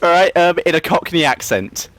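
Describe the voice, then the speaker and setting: Man giving brisk deadpan instructions. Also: a little high. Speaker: challenge-giver.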